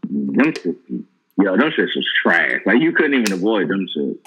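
A man's voice: low-pitched, very animated, moderate pace, pushed and bright, dull audio, slight background noise. A man co-hosting a casual chat, rambling with many fillers and profanity.

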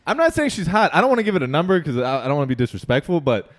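Young male podcast co-host, slightly high voice, loose swearing banter. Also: big pitch swings, very fast. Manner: laughs often, swears, retells with quoted voices. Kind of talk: casual chat.

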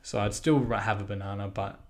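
A man's voice: on the low side, steady tone, fairly quick. An Australian man giving a casual, rambling podcast recap, swearing freely as he talks. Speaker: podcast host.

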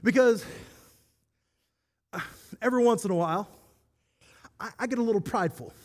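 A male pastor delivering a sermon with eager, conversational energy. His voice sits high for a man. He slips in self-deprecating jokes between his points. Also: normal speed, darkish tone.

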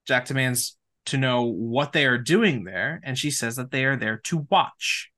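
A podcast co-host with a bright, sharp-edged voice walks through TV scenes step by step. Between recaps, the co-host trades teasing back-and-forth with a sibling. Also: mid-range voice, unhurried. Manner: narrates scene recaps, then banters. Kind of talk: casual recap chat.

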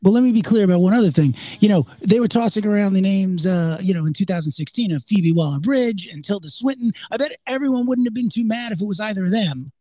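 A man's voice: high-pitched, quick pace, few pauses, warm tone, dry recording. A man in casual podcast chat, opinionated and rambling, swearing casually.

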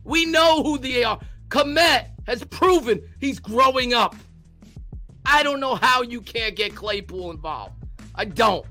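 A man on a live post-game show, ranting angrily about his football team with heavy swearing and shouting. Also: very high voice, lively intonation, slow pace, faint music behind. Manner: profane, shouting rant. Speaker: podcast co-host. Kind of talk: post-game sports rant.

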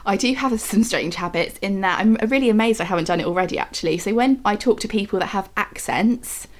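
A woman's voice: mid-range voice, a little fast. A young woman, a vet nurse, chatting in an interview, bubbly and laughing often. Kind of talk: casual interview chat.

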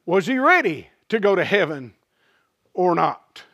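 A man preacher delivering a sermon through dramatic storytelling, drawing phrases out slowly and dropping his voice low. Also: very animated, fairly bright tone, no room sound, studio quality.

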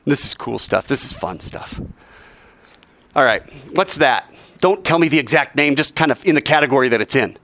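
A male teacher giving an animated classroom lecture, quizzing the class and joking as he goes. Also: medium pitch, moderate pace.

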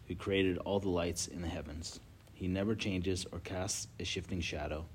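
A man's voice: low voice, a little mellow, a little hiss or hum. A man leading a casual group Bible study, telling stories with lots of filler words and reading Scripture aloud.

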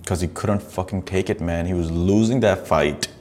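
A man's voice: sits low, moderate pace, darkish tone, a little hiss or hum. A man hosting a podcast, commenting on videos in a profane, rambling way and laughing often. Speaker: podcast host.

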